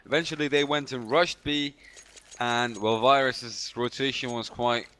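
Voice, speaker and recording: A man co-casting a shooter match, giving relaxed analytical color commentary. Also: medium pitch, clear, resonant tone. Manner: relaxed, analytical, slow on recaps. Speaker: esports co-caster and coach.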